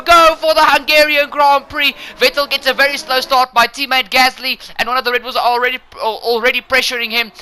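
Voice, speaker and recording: A man commentating his own racing game playthrough in an excitable way, often speaking to his viewers directly. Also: very high voice, clean tone. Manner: excitable, talks to viewers as "guys". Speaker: gaming channel host.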